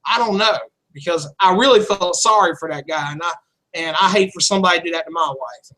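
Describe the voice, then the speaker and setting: A man's voice: sits high, quick pace, sharp tone, rough recording. A man telling a candid personal story in casual chat, rambling and blunt, swearing freely. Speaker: channel host.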